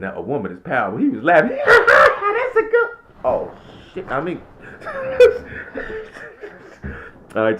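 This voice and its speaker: A man who works as a restaurant server, telling a story in a casual vlog, swinging between loud and hushed and acting out the quotes. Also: fairly low pitch.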